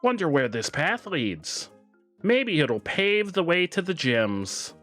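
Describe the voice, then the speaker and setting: With a fairly high voice and a slow delivery, this male streamer jokes his way through a video game, reading its on-screen text out loud in an animated manner. Faint game music can be heard behind him.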